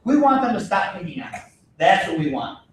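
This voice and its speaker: A man's voice: high voice, big pitch swings, fairly quick, slight background noise. A man teaching a martial arts self-defense class to kids, giving firm, repetitive instructions. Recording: echoey gym from far off.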